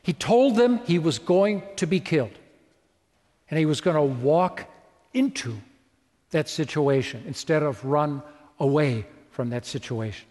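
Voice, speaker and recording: Male preacher, storytelling sermon, rhetorical questions, fairly high voice, long hall reverb. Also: lively intonation, measured pace, darkish tone.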